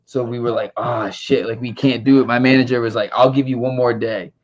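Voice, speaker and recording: A man's voice: mid-range voice, a little fast. A man telling a story in casual chat, acting out what others said as he goes. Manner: animated storyteller acting out quotes. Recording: dull lo-fi audio.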